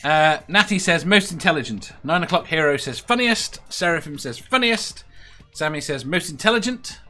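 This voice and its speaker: A man hosting a casual online quiz hangout over a video call, reading out chat comments briskly and laughing often. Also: fairly high pitch, expressive, sharp tone, faint music behind. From Merseyside area of England.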